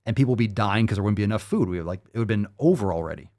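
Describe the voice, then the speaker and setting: A man's voice: lowish voice, expressive, racing, darkish tone. A man hosting a fitness show, ranting in a heated, profane way. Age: adult, 30s or older. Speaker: host. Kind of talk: fitness podcast rant.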